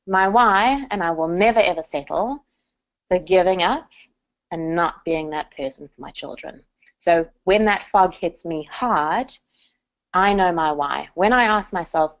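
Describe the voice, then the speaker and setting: A woman's voice: on the low side, a little slow. A woman in her thirties giving a candid, personal motivational talk to a group. She acts out her own inner dialogue as she speaks. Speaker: presenter at a business training session.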